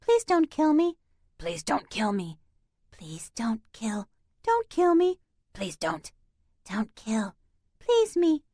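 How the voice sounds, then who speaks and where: Eerie monster cats in a storybook parrot every word in wispy, scratchy voices that leap high and drop low, all put on by a woman. The voices are dry and close. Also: big pitch swings, slow pace, long pauses, dark tone, no echo, full character voice. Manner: parroting, overlapping chatter.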